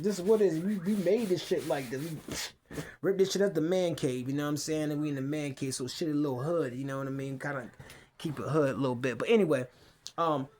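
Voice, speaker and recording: A man hosting a podcast from a couch in his home man cave, ranting casually, cursing a lot and repeating himself as he rambles. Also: on the high side. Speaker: podcast host. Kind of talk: casual rant to camera.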